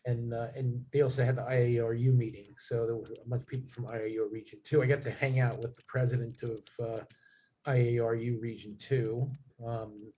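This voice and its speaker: A man's voice: medium pitch, flat delivery, brisk, dark tone. A man talking as a guest in a casual chat, rambling with many fillers and restarts.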